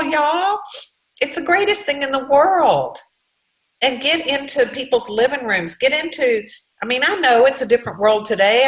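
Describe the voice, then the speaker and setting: A woman speaking as a guest, giving an earnest, heartfelt, faith-based motivational talk with halting restarts. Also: medium pitch, a bit bright, reverberant, poor audio. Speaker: guest speaker, direct sales leader.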